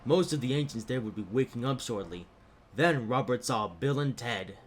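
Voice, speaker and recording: A man narrating a cartoon story in a plain, steady manner. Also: medium pitch, moderate pace, slight background noise.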